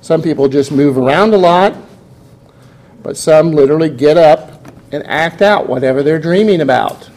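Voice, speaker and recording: A man's voice: a little high, moderate pace, darkish tone. Man lecturing a class. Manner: explanatory, asks the class questions.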